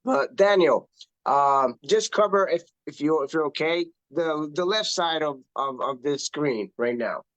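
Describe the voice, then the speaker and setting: A man coaching on social media in a casual online talk, emphatic and animated, often repeating himself for effect. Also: fairly high pitch, measured pace, no room sound, dull audio. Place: online video call. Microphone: video call.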